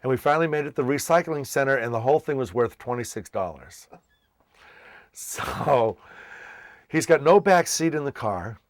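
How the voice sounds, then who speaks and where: Older male storyteller from Massachusetts, casual and animated, close dry sound. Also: medium pitch, normal speed, no room sound. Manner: animated, acts out quoted voices. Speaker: children's entertainer telling his life story.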